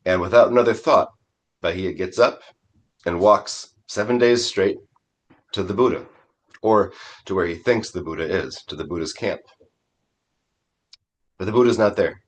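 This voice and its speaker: Deep-voiced man telling a Zen story. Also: normal speed, long pauses. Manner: conversational, animated telling. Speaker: Zen priest. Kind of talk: dharma talk, storytelling.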